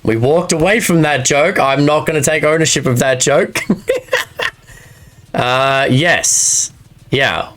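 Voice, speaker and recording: In this clip a man with a mid-range, slightly bright voice is live-streaming a game. He chats casually with his viewers, calling out chat and individual viewers by name, and laughs at his own jokes.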